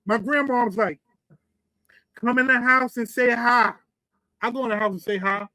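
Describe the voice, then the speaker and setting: A man's voice: very high-pitched, steady tone, normal speed, sharp tone, dry recording, rough recording. A man, co-hosting a podcast and telling a long, profane, rambling story. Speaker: podcast co-host. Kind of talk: casual storytelling.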